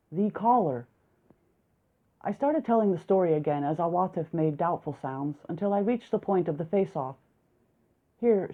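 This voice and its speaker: A woman reading a translated audiobook as narrator, in a lively storytelling manner. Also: on the low side. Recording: tinny phone-like sound.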